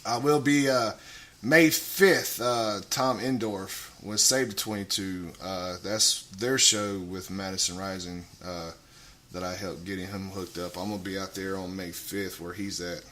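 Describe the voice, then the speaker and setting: A man talking casually on a radio show, rambling, swearing a lot and getting loud. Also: low voice, fairly even intonation, unhurried, slight background noise.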